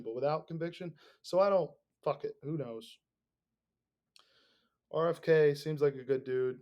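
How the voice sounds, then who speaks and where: A young man hosting a podcast, rambling in casual, profanity-laden talk that swings between mumbled asides and loud bursts. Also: on the high side, normal speed. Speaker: podcast host.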